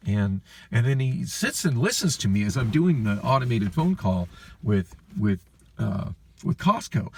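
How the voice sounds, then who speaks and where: A weary man vents in a rambling, profanity-laced vlog story. His low voice is gravelly with a husky edge. He sits a bit back from the phone mic, so the sound has some distance. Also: sing-song, measured pace, darkish tone. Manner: frustrated, profane, weary venting. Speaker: vlogger.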